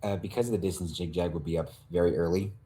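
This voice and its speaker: A man playing a tabletop game who talks casually and haltingly, with many fillers. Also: low voice, fairly even intonation, mellow. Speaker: player.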